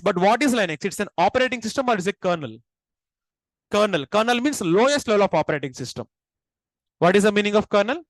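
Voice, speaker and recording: A man's voice: sits high, expressive, quick pace, dry recording, low-quality recording. A man with an Indian accent giving a classroom lecture, asking the class questions and repeating key points. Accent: Indian English. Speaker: teacher.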